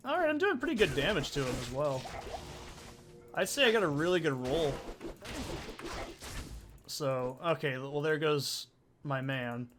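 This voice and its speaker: A man's voice: on the high side, lively intonation, unhurried, pauses often, background noise. Cursing man narrating his gameplay. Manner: swears freely, musing aloud. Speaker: let's play host. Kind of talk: casual gameplay commentary. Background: game music.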